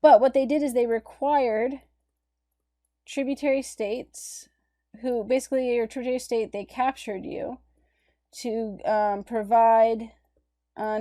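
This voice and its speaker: A woman's slightly high, warm voice carries a recorded art history lecture. She's the instructor, explaining the images on her slides in a conversational way.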